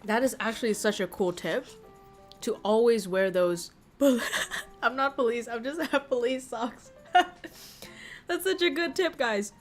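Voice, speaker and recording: A woman's voice: a little high, unhurried, faint music behind. A woman streamer in casual chat who laughs often and swears casually.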